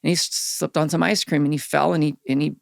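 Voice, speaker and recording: A middle-aged man speaks as a podcast guest, his voice sitting somewhat high and carrying a gravelly fry. He talks candidly and earnestly, and grows animated as he tells stories. The sound is dry and close, like a studio mic. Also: fast, no echo. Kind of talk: reflective storytelling in a podcast interview.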